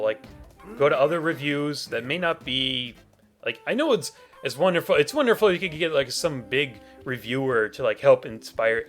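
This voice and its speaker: Animated, rambling male gamer. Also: mid-range voice. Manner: rambling, animated, self-correcting. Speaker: gaming YouTuber. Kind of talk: let's play commentary.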